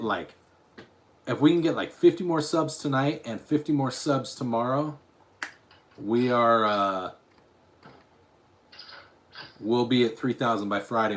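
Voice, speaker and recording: A man's voice: medium pitch, slight background noise. A man from Utah chatting on a live stream, reading his chat aloud and rambling through restarts and asides. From Utah, USA.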